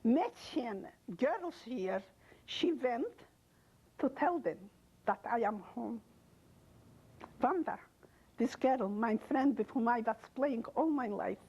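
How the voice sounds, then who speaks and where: Older woman with a husky voice. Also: on the high side, expressive, dark tone, dull audio. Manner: halting, emotional, broken non-native grammar. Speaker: interviewee. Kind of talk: oral history testimony.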